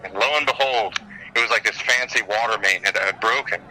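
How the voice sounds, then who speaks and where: Bright, lively storytelling man. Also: fairly low pitch, fairly quick, poor audio. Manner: animated, acts out the story. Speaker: podcast co-host. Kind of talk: casual storytelling chat. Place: airport. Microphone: phone.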